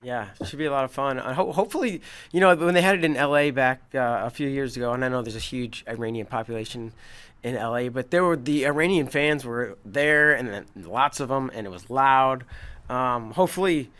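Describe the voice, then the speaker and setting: A man hosting an interview in casual chat, telling stories with relaxed energy. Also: medium pitch, a little fast, clear, resonant tone. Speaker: show host.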